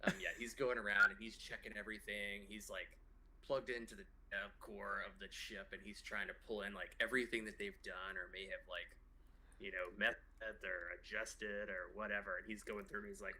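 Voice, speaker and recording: Man, tabletop player, lowish pitch, bright tone, rambling with fillers, faint hiss behind. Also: flat delivery, moderate pace, poor audio. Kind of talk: describing his character in a tabletop game.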